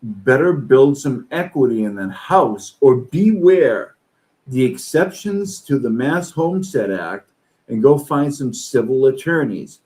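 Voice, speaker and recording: A man streaming reaction commentary, ranting angrily and swearing. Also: low-quality recording. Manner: slow-paced, with lively pitch swings. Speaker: streamer reacting to online posts.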